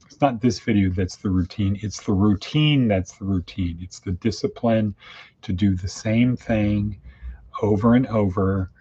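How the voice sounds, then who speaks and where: A man's voice: fairly low pitch, unhurried, warm tone, husky. A man hosting a daily podcast in a casual, folksy monologue full of plain-spoken idioms. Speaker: podcast host. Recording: dull lo-fi with faint hiss.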